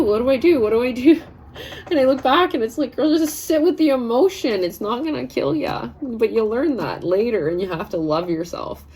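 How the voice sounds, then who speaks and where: Lady in her 30s chatting on a livestream, rambly and laughy, slightly low voice. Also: a little mellow. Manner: chatty, rambling, laughs often, reads comments aloud. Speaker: live session host. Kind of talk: casual live-stream chat.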